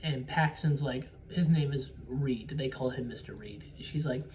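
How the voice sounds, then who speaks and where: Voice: mid-range voice, a little slow, darkish tone. A casual vlogger recapping a movie's ending with spoilers, rambling and swearing, often sidetracked. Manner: rambling, profane, easily sidetracked. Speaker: solo movie reviewer. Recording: distant mic with faint room noise.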